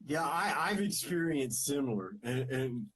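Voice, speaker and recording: A man, co-hosting a podcast, relaxed and rambling as he greets viewers and tells stories. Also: medium pitch, a little slow, slightly rough. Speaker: podcast co-host. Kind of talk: casual chat on a live stream.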